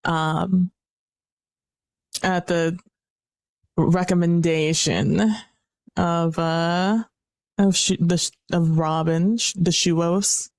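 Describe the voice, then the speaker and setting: A woman who plays a tabletop role-playing game and narrates her character's actions in a relaxed, playful way. Her voice is smooth and clear. The sound is dry and close to the mic. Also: lowish voice, drawn-out words, long pauses, no echo. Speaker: player.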